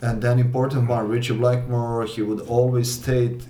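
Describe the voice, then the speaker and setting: A man's voice: medium pitch, level tone, normal speed, dark tone. Man talking music in an echoey room. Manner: hesitant, many fillers and restarts. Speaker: podcast co-host. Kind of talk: casual chat about rock music. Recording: echoey room with faint noise.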